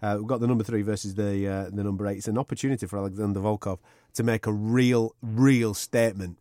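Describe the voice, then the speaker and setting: A man co-hosting a sports podcast with fast, swearing, laddish banter. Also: lowish voice, fairly even intonation, mellow, no echo, studio quality. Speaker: podcast co-host. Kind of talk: casual sports chat.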